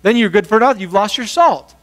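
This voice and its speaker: A man preaching a sermon as pastor, talking conversationally and briefly acting out the people in the story. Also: high voice. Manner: conversational, animated, acts out quick voices.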